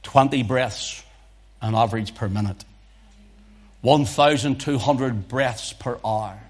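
A man preaching a sermon, moving between hushed breathy passages and loud fervent exhortation. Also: mid-range voice, slow.

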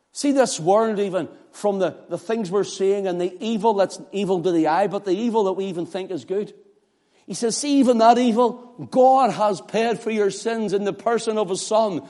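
Northern Irish male preacher, high-pitched and fervent, long hall reverb. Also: warm tone. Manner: impassioned, rising to emphatic declarations. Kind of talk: sermon.

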